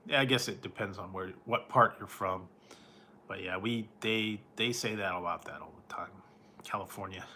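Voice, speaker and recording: A man's voice: low voice, normal speed, pushed and bright, slight background noise. A man chatting casually with viewers on a stream, laid-back, chuckling often and slipping into joking impressions. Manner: laid-back, chuckles often, playful surfer-dude mimicry. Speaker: food vlogger chatting with viewers. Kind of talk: casual live-stream chat.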